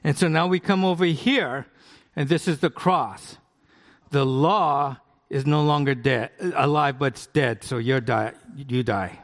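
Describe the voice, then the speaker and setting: A middle-aged American pastor preaching in a conversational way, often asking the congregation questions. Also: male voice, mid-range voice, unhurried. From United States. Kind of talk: sermon with live demonstration. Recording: long hall reverb.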